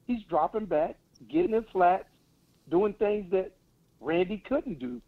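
A high-voiced man speaks bluntly and with confidence, laying out his opinions in casual call-in chat. The sound is thin and tinny, as if coming down a phone line. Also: unhurried. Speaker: caller.

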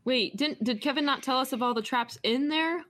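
A woman playing a tabletop game, chatting quickly and casually with the group. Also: sits high, fairly bright tone. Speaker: player.

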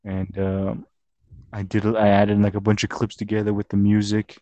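A man's voice: lowish voice, completely flat delivery, moderate pace, mellow, dry recording. A young man chatting on a podcast, joking and goofy, often saying "bruh". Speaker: podcast co-host. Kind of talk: casual chat. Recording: dull, muffled close mic.

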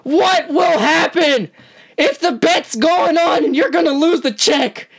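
A woman giving amateur live reaction commentary on a boxing match, excitable and slangy, often talking straight to the fighters. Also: high voice, takes it slowly, vocal fry. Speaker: channel host, amateur commentator.

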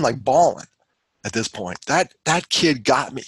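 A man telling a personal story in casual conversation, animated, acting out what others said, with frequent laughs. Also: mid-range voice, moderate pace, husky. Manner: animated storyteller who acts out quoted lines and laughs often. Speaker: guest speaker on suicide prevention. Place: on the East Coast of the United States.

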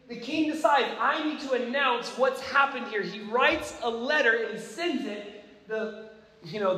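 A man preaching a sermon, telling stories in an animated way with laughing asides. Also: high voice. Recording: echoey hall with long reverb.

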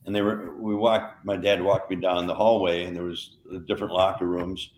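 A man's voice: deep voice, little pitch movement, moderate pace, roomy sound, a little hiss or hum. An older man and retired wrestler, co-hosting a podcast and telling rambling anecdotes in a casual chat. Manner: rambling anecdotes, lots of restarts and laughs.

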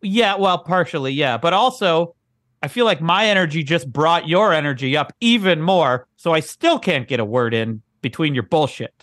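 A man's voice: a little high, animated, moderate pace, fairly bright tone, no room sound, clean studio sound. A man co-hosting a comedy podcast, teasing and exasperated with his co-host, often laughing as he talks. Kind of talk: casual comedic chat.

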